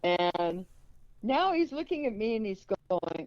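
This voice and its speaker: A woman's voice: medium pitch, slow, no room sound. An older woman, a guest in an interview, telling an anecdote and acting out the quoted dialogue. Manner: lively, acts out quoted dialogue. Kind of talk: anecdotal storytelling. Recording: dull, dry lo-fi recording.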